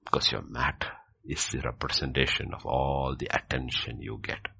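A man's voice: fairly even intonation, normal speed, creaky, sharp tone, husky. A man teaching in a question-and-answer session, preaching emphatically and repeating his key phrases. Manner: emphatic, repeats key phrases, builds from low murmur to ringing peaks.

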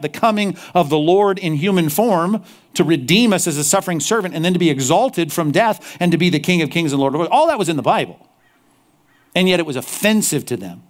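A male pastor preaching a sermon, animated, slipping into mocking apologetic asides. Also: a little high.

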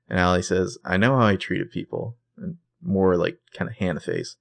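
A man's voice: low voice, normal speed, gravelly, hardly any pauses, no echo. A man co-hosting a podcast, recapping a TV episode in laid-back, jokey casual chat.

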